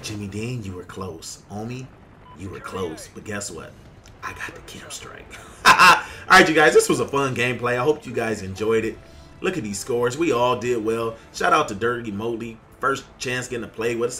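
A man giving excited commentary over his gameplay, trash-talking and hyping his plays. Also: on the low side, moderate pace. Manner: hyped, trash-talking, keeps saying look at that. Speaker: gaming YouTuber.

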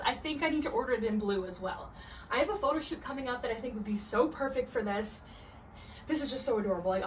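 A woman's voice: a little high, a little hiss or hum. A young adult woman chatting enthusiastically in a try-on haul vlog, recorded indoors at home. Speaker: fashion vlogger.

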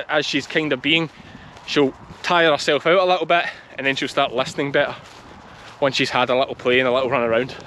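A middle-aged Scottish man hosting a farm vlog in casual, chatty commentary. His voice sits a little high for a man, and he talks while walking a large field outdoors. A faint hiss of wind and field noise runs behind him. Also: fairly bright tone. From west of Scotland. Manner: chatty, calls commands to a young dog while walking. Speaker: sheep farmer and channel host.

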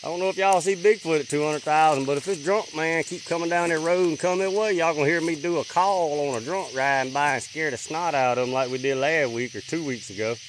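A man's voice: on the high side, noisy background. Man livestreaming outdoors at night. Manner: drawling, rattles off names fast, drops to a hush when listening. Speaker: livestream host. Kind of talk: late-night outdoor livestream, shout-outs to viewers. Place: outdoors on a rural farm at night.

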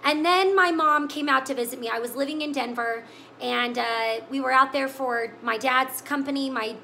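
A woman's voice: high voice, sharp tone, slight background noise. A woman hosting a live cooking stream, chatting with viewers in an emotional, tearful way. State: crying. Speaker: cooking show host. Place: home kitchen.

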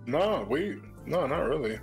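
A man's voice: on the high side, expressive, a little slow, gravelly, over loud music. A man who is a podcast guest and gamer, talking in a laid-back, easygoing way. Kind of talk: casual podcast conversation.

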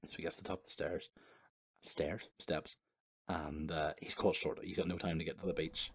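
A man's voice: very deep voice, little pitch movement, normal speed, husky, soft background music. A man giving casual gameplay commentary while telling a long, profane, rambling story, often correcting himself and laughing. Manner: profane, rambling anecdote teller; self-correcting, laughs through his story. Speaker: gaming video creator.

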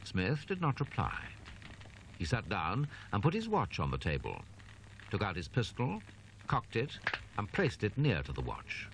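A man reading a horror audiobook in grave, measured narration. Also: lowish voice, huge pitch swings, background noise. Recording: narration over background music. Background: music.

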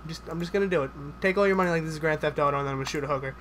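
A man giving live gameplay commentary, excitable and joking, swearing often and chattering in rapid bursts. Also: on the high side, a little hiss or hum.

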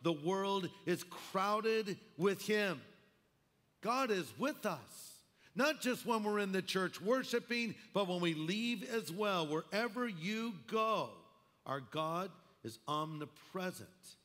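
A man's voice: sits high, expressive, slow, fairly bright tone. A man preaching a sermon as pastor, emphatic with wry asides. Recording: long hall reverb.

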